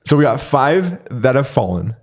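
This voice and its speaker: A man's voice: mid-range voice, sing-song, normal speed. A man co-hosting a church podcast, chatting casually about the Bible, laughing often and reading scripture aloud. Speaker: pastor and podcast co-host. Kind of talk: casual Bible study chat.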